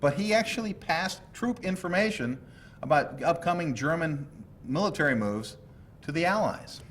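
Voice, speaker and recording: Guy giving a slide lecture, storyteller vibe, cracks jokes, bit of low rumble behind him. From United States. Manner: animated storytelling with asides and jokes. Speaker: law professor lecturing.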